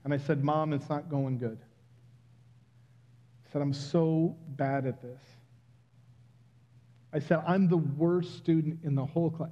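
Guy preaching in church, slow and deliberate, kinda highish voice, muffled lo-fi sound. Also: fairly even intonation. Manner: personal, builds to loud exclamations. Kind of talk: sermon.

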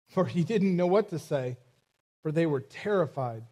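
A man preaching a sermon as a church pastor, reading scripture and speaking to his congregation in a measured way. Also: a little high, animated, warm tone. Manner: preaching with rising intensity, measured pacing.

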